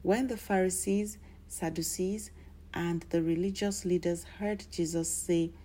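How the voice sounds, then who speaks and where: A woman's voice: on the low side, fairly even intonation, unhurried, dark tone. A woman preaching a sermon in a declarative style, building to emphatic bursts.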